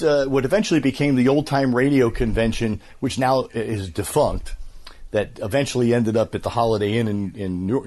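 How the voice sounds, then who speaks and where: A man in his fifties, a voice actor, telling stories in a casual interview with an animated, filler-laden manner. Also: medium pitch. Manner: animated storyteller, many fillers. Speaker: voice actor, guest.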